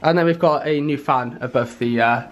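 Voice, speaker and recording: A man's voice: medium pitch, moderate pace, over a noisy crowd. A man chatting casually at home for a vlog, easygoing and teasing. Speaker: vlogger. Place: home, indoors.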